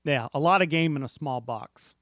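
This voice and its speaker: A man co-hosts a laid-back board game podcast, rambling and frequently restarting his sentences. His voice sits on the high side and is fairly bright, at normal speed, recorded dry in a clean studio.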